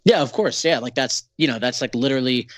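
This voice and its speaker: Speaking quickly at medium pitch with no echo, a Canadian band singer appears as a podcast guest in a casual interview. He rambles sarcastically, swears, and fills his speech with fillers.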